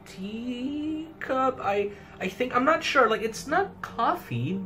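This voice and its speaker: Animated young man swearing through a review. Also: a little high. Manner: rambling, heavy swearing, laughs often. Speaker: manga reviewer. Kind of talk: casual commentary.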